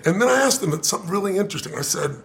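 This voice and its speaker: Gravelly older man telling a story. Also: high-pitched, very fast. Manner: animated, swears casually, laughs often, acts out quotes. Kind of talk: storytelling in conversation.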